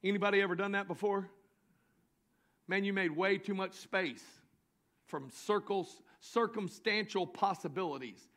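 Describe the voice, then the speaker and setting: A pastor with a Southern US accent preaching a sermon to his church, swinging from quiet asides to drawn-out shouted declarations. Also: high-pitched. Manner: builds to shouting, drawn-out emphatic lines. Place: church sanctuary.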